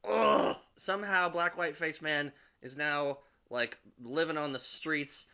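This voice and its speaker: A man's voice: on the high side, slow, bright, forceful tone, clear, resonant tone. A man giving a casual, sarcastic, rambling recap of a movie, full of fillers like "like" and "or whatever". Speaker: movie reviewer.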